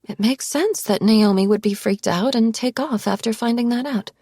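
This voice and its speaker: A woman narrator plays a ruthless young woman who talks in clipped, forceful bursts, pitched a little above the reader's own gravelly, husky voice. The reading is audiobook dry, close and plain. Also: expressive, normal speed, no room sound. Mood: persuasive.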